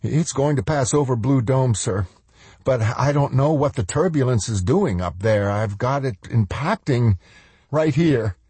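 A man's voice: mid-range voice, sing-song, a little slow, hardly any pauses, warm tone, husky, no echo, voice pushed up, exaggerated voice. A man voicing a young, nervous male radar technician whose voice cracks with alarm.

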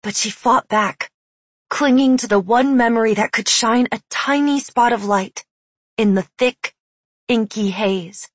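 A woman narrating an audiobook in a measured, hushed, deliberate way on a close studio mic. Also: a little high, dry recording.

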